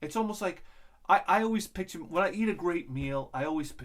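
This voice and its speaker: Rambling, animated comic storyteller man. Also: sits high, fairly quick. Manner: crude, animated, rambling with restarts. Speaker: vlog host.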